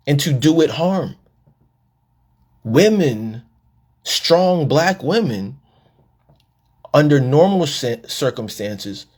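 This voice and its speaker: A man's voice: mid-range voice, darkish tone, breathy edge. A middle-aged man, a podcast host and life coach, delivering a live-taped monologue in a preachy storytelling way, repeating words and acting out the people he quotes.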